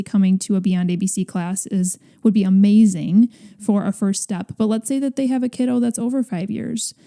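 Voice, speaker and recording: A woman's voice: medium pitch, warm tone. A woman hosting a podcast, asking a guest questions in an encouraging way. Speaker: podcast host. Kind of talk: interview questions.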